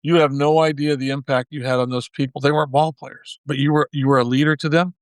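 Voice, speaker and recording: A man's voice: fairly high pitch, flat delivery, quick pace, no echo. A man in his sixties, a guest in a podcast interview, telling a long story in a folksy way and acting out the quoted dialogue. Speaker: guest, former baseball manager.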